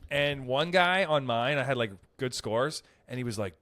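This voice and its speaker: A man's voice: mid-range voice, moderate pace, no room sound. A man co-hosting a podcast in casual chat, telling stories and jumping into quoted voices. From Canada. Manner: animated storyteller, slips into quoted voices. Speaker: podcast co-host.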